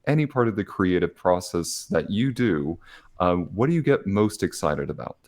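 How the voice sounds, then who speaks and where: A man's voice: low voice, lively intonation, moderate pace, darkish tone. A male podcast host asking a question, hesitant and searching for words with fillers. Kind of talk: interview questions.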